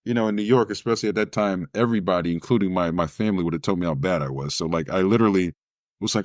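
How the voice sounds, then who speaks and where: A fast-talking man with a fairly low voice, recorded clean in a studio with no room sound. He's a spoken word poet telling a personal story in an interview, animatedly acting out the voices of the people he quotes.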